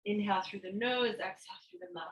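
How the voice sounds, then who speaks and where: Woman yoga instructor, calm cueing, a bit winded, echoey distant room sound. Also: medium pitch, quick pace. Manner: calm, cueing breaths and poses while demonstrating. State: out of breath. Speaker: yoga teacher. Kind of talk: guided yoga class instruction. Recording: roomy, mic at a distance.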